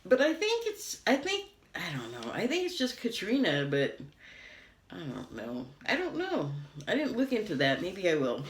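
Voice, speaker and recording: A woman's voice: mid-range voice, wildly swooping pitch, moderate pace. An American woman giving a casual TV review, rambling and laughing often. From United States. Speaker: TV critic. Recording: roomy echo.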